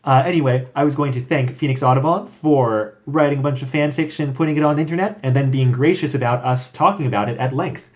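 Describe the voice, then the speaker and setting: A man hosts a casual podcast, his voice mid-pitched and even. He keeps a dry, deadpan manner. He reads out credits and links in a plain, relaxed way. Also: fast, hardly any pauses. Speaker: podcast host.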